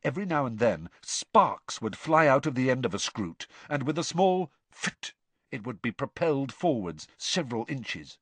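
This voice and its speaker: A man narrating an audiobook in an expressive, varied storytelling manner. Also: medium pitch, normal speed, hardly any pauses, breathy edge, no room sound.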